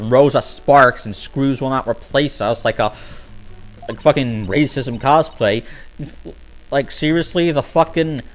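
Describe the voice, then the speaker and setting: A man's voice: medium pitch, a bit bright. A man giving casual live-stream commentary over a game, ranting with swearing and lots of fillers. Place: home streaming setup.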